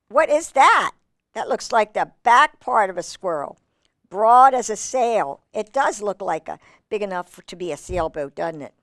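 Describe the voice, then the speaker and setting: A woman reading a picture book aloud to children, animated and exclamatory with chatty asides. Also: on the low side, no room sound, clean studio sound. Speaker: children's storyteller.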